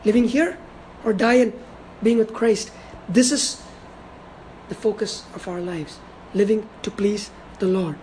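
A woman preaching an expository sermon. She talks emphatically, repeats key words and slows down to stress her points. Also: mid-range voice, a little mellow, slight background noise, low-quality recording.

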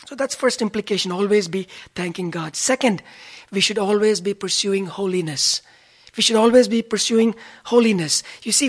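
A preacher delivering a sermon in a husky, slightly breathy voice. The delivery is earnest, with scripture references cited by chapter and verse and key phrases repeated for emphasis. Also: mid-range voice.

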